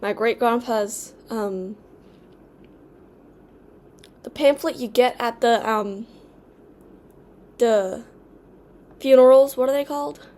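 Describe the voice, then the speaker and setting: A woman from the United States chatting casually at home in a rambling, distracted vlog, clearing her throat now and then and slipping into an odd put-on accent. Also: fairly high pitch, slow pace, pauses often, mellow. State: occasional coughing and throat clearing. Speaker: vlogger.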